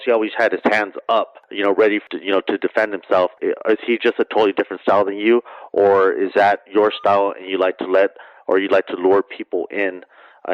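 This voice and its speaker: A deep-voiced interviewer speaks in a flat, even tone and lets his questions wander. His voice sounds dull and dry, like lo-fi radio. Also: dry recording. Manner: rambling, loosely built questions.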